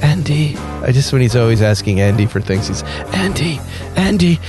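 A man's voice: mid-range voice, quick pace, over music. A man hosting a radio car show, chatting casually and joking his way through a read ad. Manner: jokey, riffs on ad copy.

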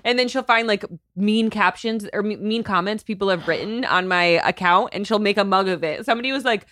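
A woman co-hosting a casual podcast chat, lively and acting out quotes in other voices, on a close mic. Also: mid-range voice, a little fast, no room sound. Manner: animated, acts out quotes in changed voices. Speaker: podcast co-host.

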